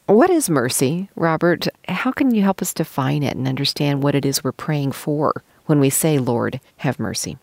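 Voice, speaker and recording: Woman w a gravelly edge, asks the questions, dry close sound. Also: low voice, lively intonation, normal speed, hardly any pauses, darkish tone, no echo. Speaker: co-host. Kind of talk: conversational podcast talk.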